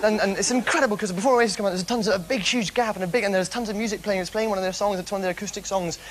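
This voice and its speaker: A man's voice: high voice, fairly even intonation, racing, a little hiss or hum. A man telling a rambling comic story on a TV show, giggly and manic, full of restarts. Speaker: comedian host.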